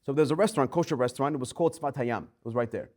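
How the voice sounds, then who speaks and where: A man, a rabbi giving a Torah class, telling a story with lively acted-out quotes. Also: medium pitch, rapid-fire.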